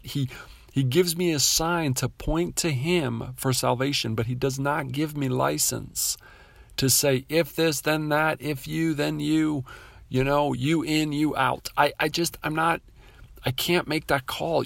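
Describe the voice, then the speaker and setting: A man's voice: on the high side, gravelly, no room sound. A man telling a faith testimony to his listeners in an earnest, heartfelt way, speaking to them directly as friends. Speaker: Christian speaker. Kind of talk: testimony storytelling to an audience.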